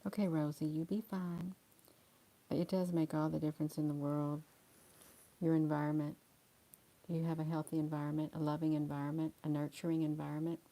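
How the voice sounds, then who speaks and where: A middle-aged woman chatting slowly and soothingly with livestream viewers, calling them honey. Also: deep voice, dark tone. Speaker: livestream host reading viewer comments. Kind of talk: slow casual chat to live viewers.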